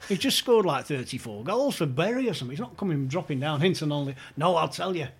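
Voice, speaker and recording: A man's voice: a little high, fast, slight background noise. A man telling a funny football anecdote on a podcast, acting out the quotes and laughing often. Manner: animated storyteller, laughs often, acts out quotes. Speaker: podcast guest.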